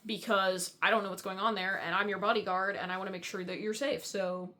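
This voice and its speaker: A woman voicing a calm, steady young male bodyguard in a casual, matter-of-fact way, close to her own voice. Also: mid-range voice, brisk, close to an everyday voice. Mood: earnest.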